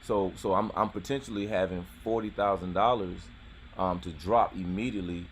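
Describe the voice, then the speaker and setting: A man's voice: deep voice, fairly even intonation, normal speed, heavy background noise. A man in his thirties hosting a casual podcast chat outdoors, talking in a laid-back way with lots of fillers and restarts. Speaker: YouTube host.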